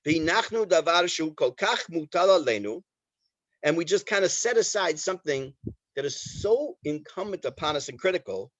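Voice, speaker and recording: A man's voice: a little high, normal speed, no echo, rough recording. A man teaching a Torah class over a video call, reading Hebrew lines and translating them, with joking asides. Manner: lively, joking asides, reads Hebrew text then translates.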